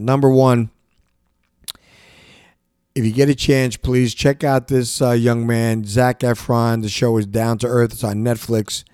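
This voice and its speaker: A man's voice: medium pitch, darkish tone, clean tone, no room sound, clean studio sound. Impassioned man ranting on a podcast. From United States. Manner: repetitive, restarts often, emphatic rants. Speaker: podcast host.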